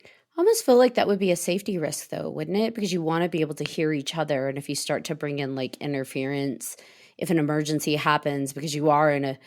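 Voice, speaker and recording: A woman's voice: sits low, fairly even intonation, quick pace. A woman co-hosting a podcast, asking curious questions and hedging her remarks. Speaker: podcast co-host. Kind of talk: casual podcast chat.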